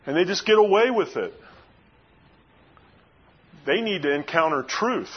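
A man preaching a sermon as pastor, emphatic, swinging between raised and hushed delivery. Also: high voice, animated, a little slow, husky, lo-fi sound.

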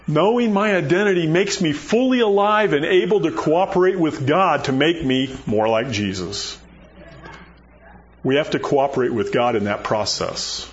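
A man preaching a sermon in a conversational, animated way, acting out Bible dialogue as he goes. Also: fairly high pitch, moderate pace, muffled recording, slight background noise.

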